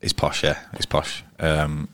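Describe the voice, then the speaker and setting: This man's voice is extremely low and completely flat, a little slow and a bit bright, recorded clean in a studio with no echo. He's a Yorkshire cricketer guesting on an interview in a pub, telling rambling, blunt stories full of restarts in a casual storytelling way.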